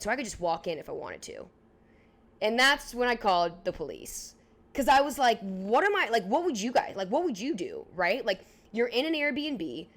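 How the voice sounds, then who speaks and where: A young woman in her twenties co-hosting a podcast, telling a story in a casual, animated way, filling it with "like" and acting out what people said. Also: fairly high pitch. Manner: animated, heavy use of "like", acts out dialogue. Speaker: podcast co-host.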